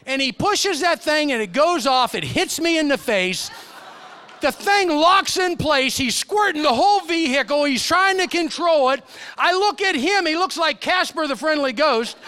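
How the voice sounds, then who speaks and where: A middle-aged man preaching a sermon in church, telling stories animatedly and swinging between loud and hushed. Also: extremely high pitch, lively intonation, normal speed.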